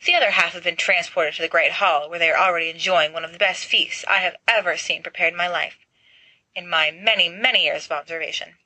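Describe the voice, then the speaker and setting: A woman's voice: lowish voice, steady tone, a little fast, pushed and bright, breathy edge, no room sound, rough recording. Woman voicing Dumbledore, a dry, wry old wizard. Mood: genial. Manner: dry, amused, long-winded.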